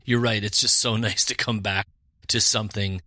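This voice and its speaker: A man co-hosting a podcast, talking in a relaxed, easygoing and reflective way. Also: lowish voice, moderate pace, dry recording, clean studio sound. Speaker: podcast co-host. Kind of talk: casual podcast chat.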